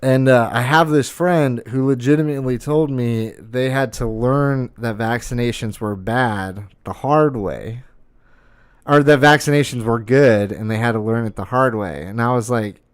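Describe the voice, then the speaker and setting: A young man ranting on his podcast, profane and incredulous as he vents. His voice is smooth and resonant, and the recording sounds dry and close. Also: mid-range voice, moderate pace, dry recording. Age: young adult. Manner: profane, incredulous, swearing often. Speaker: podcast host. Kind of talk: ranting monologue.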